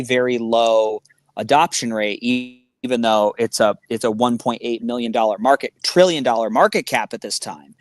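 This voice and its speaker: A mid-pitched man chats as a guest, an animated and rambling storyteller who jumps from one story to the next. His voice is recorded dry, with no room sound around it. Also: no room sound. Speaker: podcast guest. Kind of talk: casual conversation.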